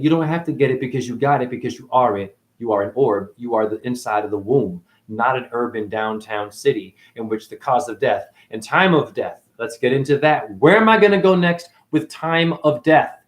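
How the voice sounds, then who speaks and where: Man, livestream rant, spiritual, profane, middle pitch, sudden loud high bursts, low mutters, home webcam mic. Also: normal speed, hardly any pauses.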